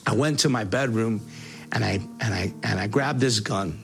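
A man's voice: fairly low pitch, creaky, soft background music. Earnest man telling his life story. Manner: halting and earnest, with many restarts and fillers; voice rises sharply when reliving angry moments. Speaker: person giving a personal testimony. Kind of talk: spoken personal testimony.

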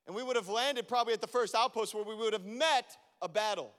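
A man preaching a sermon as a pastor, animated and acting out his own prayers to God. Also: sits high, quick pace, clear, resonant tone. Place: church. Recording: long reverb of a church hall.

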